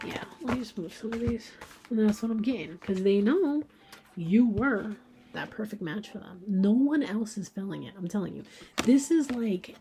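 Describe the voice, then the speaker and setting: A woman giving a casual tarot card reading, talking informally and reading card messages aloud, often slipping into a soft half-whisper. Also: medium pitch, expressive, moderate pace, slight background noise. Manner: reads card messages aloud, thinking out loud.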